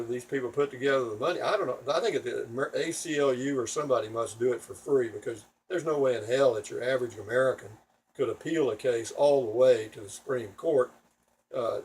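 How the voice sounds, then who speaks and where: Blunt, husky man rambling. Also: mid-range voice, fairly quick, distant mic, low-quality recording. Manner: blunt, profane, opinionated, self-mocking. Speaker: vlogger. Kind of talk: rambling casual monologue to viewers. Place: home in Texas.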